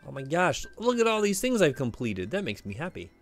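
Guy playing a game on stream, joking around, bouncy pitch. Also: huge pitch swings, brisk, hardly any pauses, soft background music. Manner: playful, joking asides. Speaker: let's play host. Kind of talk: casual gameplay commentary.

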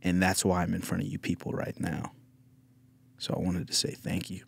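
A man with a fairly low voice hosts a casual podcast chat, telling candid, rambling stories peppered with swearing. His voice is close and dry on the mic. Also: completely flat delivery, normal speed, gravelly, slightly rough, no room sound. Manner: candid, rambling, profane storytelling. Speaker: podcast host.

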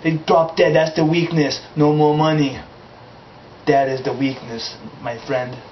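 A man's voice: on the high side, level tone, measured pace, a little hiss or hum. A man in an amateur comedy sketch, rambling and improvising in a vague put-on foreign accent. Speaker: comic character host. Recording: roomy, dull lo-fi home video.

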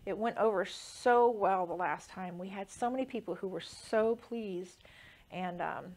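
A woman's voice: medium pitch, measured pace, a little mellow. A woman quilter chatting casually through a sewing demonstration, rambling with lots of fillers.

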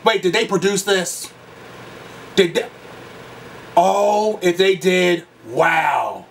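A man's voice: high-pitched, fairly even intonation, slow, gravelly, recorded from a distance, a little hiss or hum. A man reacting to a pop song in a vlog, gushing, campy and profane, with sudden shrieks. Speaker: music reaction youtuber. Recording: loud song playing behind, voice a bit off-mic. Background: pop song playing.

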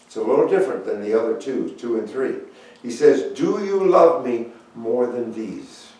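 A man teaching an adult Sunday school Bible lesson in a church room, telling the story in an unhurried, reflective way with pauses. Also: mid-range voice, expressive, darkish tone. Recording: very echoey room, mic far off.

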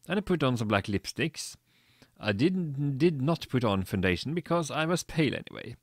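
A man doing a comedic reading of fan fiction, deadpan and dry with sarcastic asides. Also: medium pitch, moderate pace, no echo. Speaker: reader.

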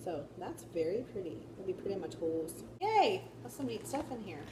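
A woman's voice: medium pitch, noisy background. A woman teacher in casual vlog chat, telling stories with giggles, filmed on a handheld camera in a classroom. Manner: chatty, giggly storytelling. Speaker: first grade teacher.

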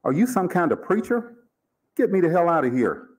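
Male reader voicing an enraged captive, indignant and shouting, raised pitch. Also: very animated, normal speed, breathy edge, full character voice. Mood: angry. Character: angry trapped man, blustering and threatening.

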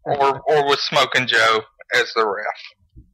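A man's voice: mid-range voice, steady tone, slow pace, pushed and bright, low-quality recording. A man co-hosting a casual wrestling podcast, hesitant and stumbling over repeated words. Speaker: podcast co-host.

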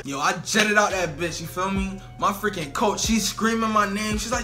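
A man's voice: high voice, normal speed, few pauses, music in the background. A young man telling a funny storytime vlog in slangy casual talk, full of "bro" and "you know what I'm saying". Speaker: storytelling vlogger.

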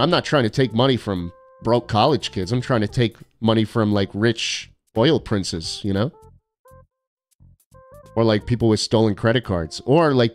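A young man streaming casually, reading viewer postcards aloud with sarcastic, mock-arrogant jokes. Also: mid-range voice.

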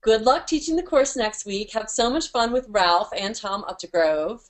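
A woman's voice: a little high, normal speed. A woman hosting an interview, asking questions and giving an upbeat promotional wrap-up. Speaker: interview host.

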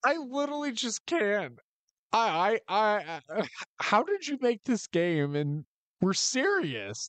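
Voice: medium pitch, dry recording. A gaming streamer giving let's-play commentary, swearing and reacting with disbelief. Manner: swearing, incredulous, laughing reactions. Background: game music.

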